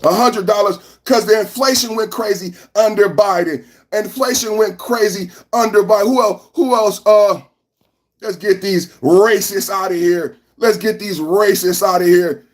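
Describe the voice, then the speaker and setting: A man hosting a live-stream political podcast, ranting loudly with lots of repetition and sing-song chanting at his chat. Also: high voice, unhurried. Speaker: podcast host.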